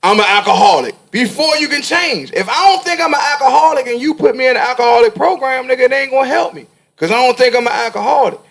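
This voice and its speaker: A man co-hosting a barbershop-style podcast, arguing loudly and emphatically, repeating his points for punch. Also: extremely high pitch, animated, quick pace, creaky, few pauses. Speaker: podcast co-host. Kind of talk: heated barbershop debate. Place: cigar lounge.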